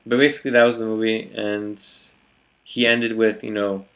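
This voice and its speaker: A man talks through his thoughts in a relaxed vlog, his voice sitting a little low. He hesitates often and restarts his sentences, filling the gaps with "you know" and "let's say". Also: normal speed. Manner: hesitant, many fillers and restarts. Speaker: vlogger. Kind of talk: reflective casual monologue.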